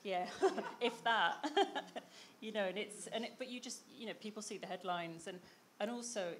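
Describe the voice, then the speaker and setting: A woman speaking quietly as a panelist, a little away from the mic. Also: mid-range voice, normal speed, a little hiss or hum. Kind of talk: panel discussion.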